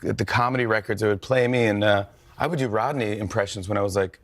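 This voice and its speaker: A man's voice: on the low side, fast talker. A man in his forties chatting as a guest, telling anecdotes with laughter and putting on voices. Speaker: talk show guest. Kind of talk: casual storytelling chat.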